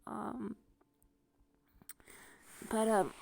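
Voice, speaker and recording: A woman's voice: fairly high pitch, little pitch movement, extremely slow, gravelly, darkish tone, dry recording. A woman with a noticeable accent talking casually to camera, rambling and self-deprecating, laughing often as she goes. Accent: noticeable non-standard accent. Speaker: vlogger. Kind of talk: casual personal monologue.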